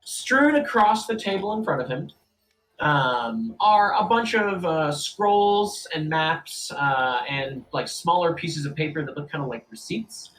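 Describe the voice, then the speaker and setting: A man running a tabletop game as game master, narrating casually with many pauses and fillers. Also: on the high side, expressive, a bit bright, low-quality recording.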